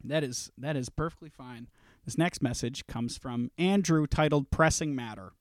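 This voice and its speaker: A man's voice: medium pitch, moderate pace, no room sound, studio quality. A man co-hosting a comedy podcast, joking, mock-indignant and laughing often in casual chat. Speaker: podcast co-host.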